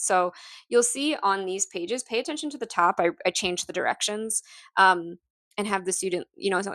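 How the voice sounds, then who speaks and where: A woman teacher walks through her lesson packets in a casual, hesitant way, full of ums, restarts, and light laughs. Her mid-range voice is a bit bright, with no room sound.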